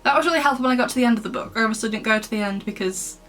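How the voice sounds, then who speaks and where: A woman's voice: a little high, rapid-fire, fairly bright tone. A young woman chatting casually about books she read, giggling often and rambling with fillers. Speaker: book reviewer. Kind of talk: casual book review.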